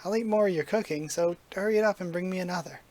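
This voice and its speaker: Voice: mid-range voice, quick pace, darkish tone, natural voice. A brash young male tengu swaggers through his lines with slangy bravado, put on by a reader. He sounds petty and full of himself, delivered like comic dialogue read aloud. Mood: snippy. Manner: cocky, slangy boasting.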